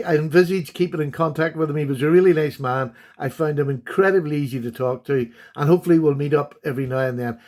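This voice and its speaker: Chatty man, slightly high voice. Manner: chatty, warm-hearted and rambling with self-corrections. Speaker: knife collecting YouTuber. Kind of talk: casual show-and-tell vlog.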